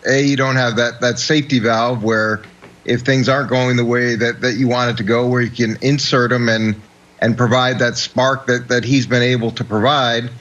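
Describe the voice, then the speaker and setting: Brief: middle-aged man, mid-pitched former coach, halting, repeats words. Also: flat delivery, a bit bright, lo-fi sound. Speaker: former football coach, analyst. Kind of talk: sports debate analysis.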